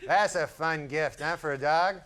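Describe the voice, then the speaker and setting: A male stand-up comedian with an offhand, rambling, deadpan delivery, performing before a live audience. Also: on the high side, moderate pace. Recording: loud audience laughter and room noise.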